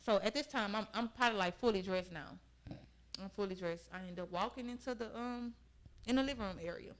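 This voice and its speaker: An earnest young woman speaks as a podcast guest, recounting her own story in a conversational way. She often pauses to check that her listeners are following. Her voice sits at a middle pitch.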